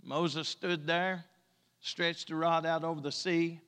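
High bright-voiced preacher in a reverberant church. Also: male voice, little pitch movement, smooth. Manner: preaching with drawn-out emphatic repetition and humor. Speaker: pastor. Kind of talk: sermon. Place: church sanctuary.

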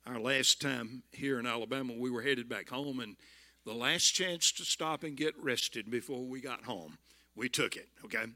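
A man in his seventies with a Southern US accent, telling stories in a folksy sermon and building to loud exclamations. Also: mid-range voice, normal speed. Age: 70s. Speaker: visiting preacher. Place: church.

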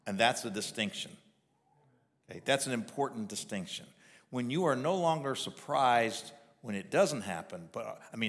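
A man's voice: lowish voice, expressive, moderate pace, fairly bright tone, in a large hall. A male pastor giving a sermon, talking in a conversational way with frequent restarts and repeated words. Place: church sanctuary.

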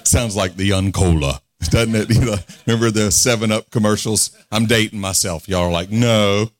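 A man's voice: fairly low pitch, fairly quick. A man in his forties preaching a fervent revival sermon, leading the crowd in call-and-response and laughing often. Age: 40s.

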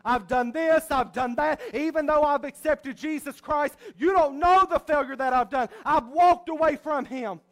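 Man, pastor, very high voice, sermon, soft to loud swings. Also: moderate pace, hardly any pauses.

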